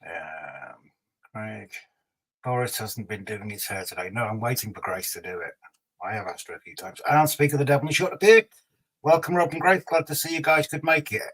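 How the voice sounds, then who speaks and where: A man's voice: lowish voice, normal speed, fairly bright tone, poor audio. A man hosting a casual livestream, reading out viewer comments and teasing them in a chatty way. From Scotland. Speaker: livestream host.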